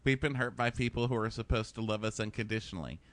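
A man's voice: lowish voice, fast, fairly bright tone, no room sound. A man co-hosting a casual comedy chat, sarcastic, crude and playful. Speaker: podcast co-host.

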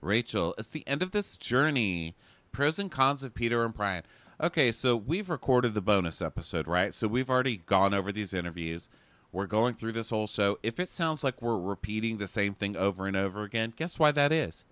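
Sarcastic man with a low dry voice. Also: very animated, a little fast, a bit bright, no room sound. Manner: sarcastic, mocking quoted voices. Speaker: podcast co-host. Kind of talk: casual recap chat.

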